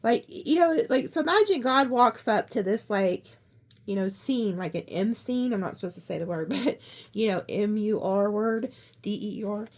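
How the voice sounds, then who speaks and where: A woman giving a casual tarot card reading, chatty and excitable, often gasping. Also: medium pitch, normal speed. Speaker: tarot reader.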